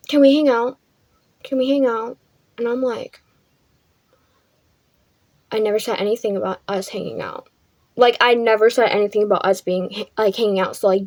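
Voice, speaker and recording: A woman's voice: on the high side, a little mellow, no room sound. A young woman vlogger telling a casual storytime, chatty, filling her talk with "like" and swearing freely.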